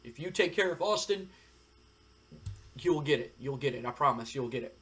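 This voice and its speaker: A man doing a scheming, middle-aged wrestling boss who haggles and placates. His pitch is at an everyday level for a man. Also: animated, moderate pace, a bit bright, lightly acted. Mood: bargaining.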